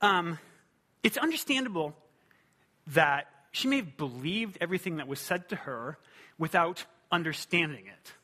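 Bright, animated male preacher. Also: on the high side, moderate pace. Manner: animated, conversational preaching with rhetorical questions. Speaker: pastor. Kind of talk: sermon.

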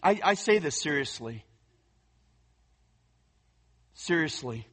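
Earnest male preacher, slightly high voice. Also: lively intonation, takes it slowly, a bit bright. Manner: earnest, emphatic, repeats words. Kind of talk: sermon teaching.

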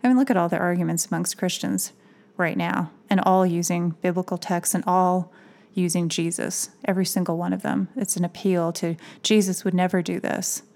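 A woman's voice: fairly low pitch, flat delivery, a little fast, creaky, a little mellow. A woman co-hosting a faith podcast, speaking in a candid, questioning, wry way. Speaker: podcast co-host.

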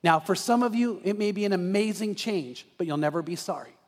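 High-voiced preaching man in a reverberant hall. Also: a little fast. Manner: storytelling, dropping soft and low for quoted moments; repeats words when restarting. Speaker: pastor. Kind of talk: sermon. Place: church sanctuary.

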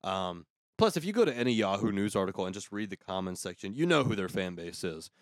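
Young guy ranting on a podcast, lowish voice, dry close mic, kinda sarcastic. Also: big pitch swings, quick pace, no room sound. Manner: opinionated, sarcastic, talks over co-host. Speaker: podcast host. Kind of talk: casual ranting chat.

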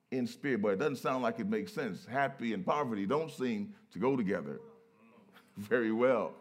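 A man preaching a sermon, who moves from low, quiet stretches to loud, emphatic peaks. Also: animated, moderate pace.

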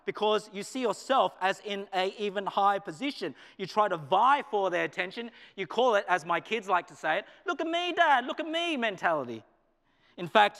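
Animated Australian man preaching in a hall. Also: creaky. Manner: animated, swings from loud emphasis to low, quiet asides. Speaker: pastor and business teacher. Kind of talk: sermon. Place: chapel hall. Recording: reverberant chapel hall.

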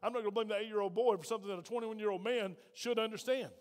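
A man's voice: high-pitched, steady tone, rapid-fire, long reverb tail. A middle-aged male pastor preaching a sermon in a folksy, direct way, calling on the congregation to answer. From Virginia. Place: church sanctuary.

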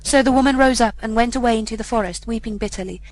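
A woman reading an old fairy tale aloud in a measured, even storybook narration. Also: fairly high pitch, low-quality recording. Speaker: audiobook reader.

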